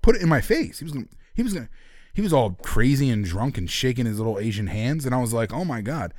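A man's voice: mid-range voice, lively intonation, fast, darkish tone, dry recording, studio quality. A man co-hosting a podcast, telling a story in casual chat, laughing and acting out the people he quotes. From Philadelphia area. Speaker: podcast co-host.

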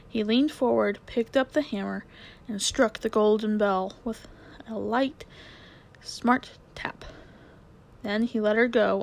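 A woman narrating a children's novel aloud with expressive storytelling, lowering her voice for suspense. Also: vocal fry.

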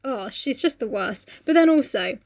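A woman's voice: fairly high pitch, expressive, moderate pace, darkish tone. A woman co-hosting a casual book chat, swearing freely and reading passages aloud. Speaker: podcast co-host.

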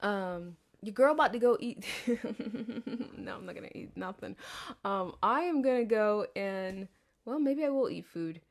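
A woman's voice: mid-range voice, lively intonation, measured pace. A woman in her thirties rambling candidly in a podcast monologue. She swears freely and laughs often. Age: 30s. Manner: candid, profanity-laced, chatty with frequent laughs. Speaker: podcast host.

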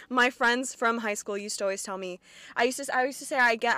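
Her mid-range voice is sharp, clear, and resonant, recorded with no echo. This twenty-year-old rural Kentucky podcast host delivers a casual, rambling monologue full of swearing and self-deprecating humor.

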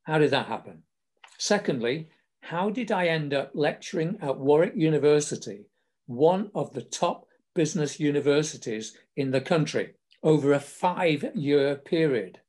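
A man's voice: a little high, a little mellow. An older man from England hosting a podcast, telling wry anecdotes in a casual storytelling way. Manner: wry, self-deprecating humour. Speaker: podcast host.

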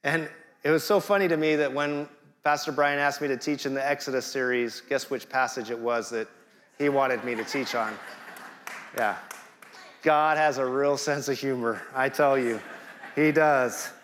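A man's voice: mid-range voice, fairly even intonation, normal speed, a bit bright. Man, middle-aged, sermon, conversational, jokey asides, long hall reverb. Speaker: guest preacher.

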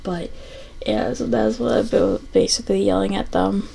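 Woman, young adult, podcast host, casual rambling chat, lots of fillers, gravelly fry. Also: mid-range voice, steady tone, normal speed, dark tone, rough recording. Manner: rambling, full of fillers and restarts.

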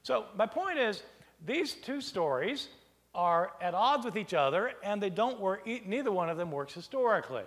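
A man giving a lecture in an animated way, posing rhetorical questions and acting out imagined back-and-forth exchanges. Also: high voice, moderate pace. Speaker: lecturer on early Christian texts. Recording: long hall reverb.

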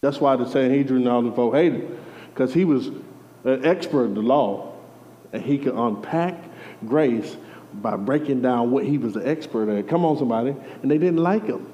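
A man preaching a lively sermon, calling out to the congregation through a microphone. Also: medium pitch, moderate pace, slight background noise. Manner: energetic call-and-response preaching. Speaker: pastor. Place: church hall. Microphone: handheld or stage mic. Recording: dull audio in a reverberant hall.

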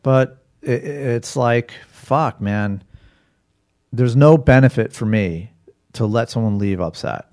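A man in his forties talks shop on a casual podcast. He is animated and swears freely, slipping into quick impressions of customers as he makes his points. His voice sits at an ordinary middle pitch. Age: 40s. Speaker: podcast co-host, pizza restaurant owner.

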